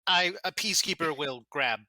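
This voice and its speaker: A man playing in a tabletop game, talking casually with halting, stammering restarts. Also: a little high, sharp tone. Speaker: player.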